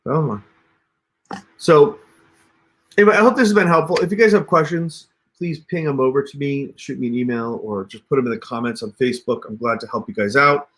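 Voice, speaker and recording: Brisk and a bit bright, his mid-range voice leads a casual livestream tutorial through a computer mic. He chats viewers through the steps on screen, calling them "you guys."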